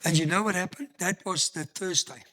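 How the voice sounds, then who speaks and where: A man's voice: sits high, a little fast, pushed and bright. A man pastor preaching a sermon in an emphatic, storytelling manner, full of rhetorical questions.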